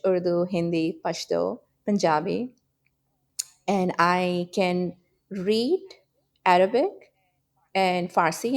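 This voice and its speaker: A woman's voice: mid-range voice, darkish tone. A middle-aged woman from Pakistan with a Pakistani accent, a guest in an interview telling her story earnestly and laughing often. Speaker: guest, security executive. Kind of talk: reflective interview talk.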